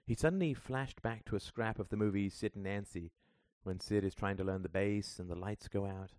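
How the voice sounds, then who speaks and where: A man's voice: on the low side, brisk, darkish tone, no room sound. A man reading a novel aloud as an audiobook narrator, in plain storytelling manner. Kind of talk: scripted narration.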